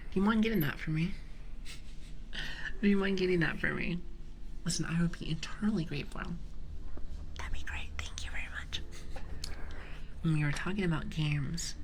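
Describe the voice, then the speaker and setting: A woman's voice: deep voice, slight background noise, rough recording. A young British woman streaming ASMR, chatting casually and giggling as she greets her chat by name. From Britain.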